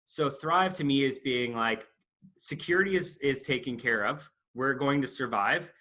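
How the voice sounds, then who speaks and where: A man's voice: medium pitch, moderate pace, sharp tone. A man who works as an accountant, a guest on a podcast, explaining business strategy in an upbeat, motivational way. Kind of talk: casual podcast conversation.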